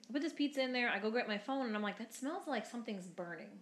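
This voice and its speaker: A woman's voice: on the high side, animated, fast talker, fairly bright tone, a little hiss or hum. A woman in her twenties telling a story in casual chat, rambling with lots of fillers and the odd swear word. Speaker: podcast co-host. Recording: roomy echo.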